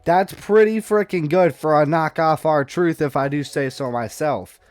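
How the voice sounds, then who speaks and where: A man's voice: fairly high pitch, unhurried, a little mellow, dry recording. A young man hosting a casual news commentary vlog, rambling and snarky, trading playful insults. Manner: rambling, snarky, trash-talking. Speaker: vlog host.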